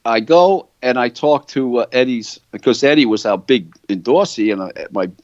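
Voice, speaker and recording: A man's voice: mid-range voice, expressive, normal speed, darkish tone. An older man sits as an interview guest and tells a long story. He rambles and keeps checking in with his listener. His mid-range voice comes through a muffled, dry, lo-fi recording with no room echo. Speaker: guitar company founder, interview guest. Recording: dull, dry lo-fi sound.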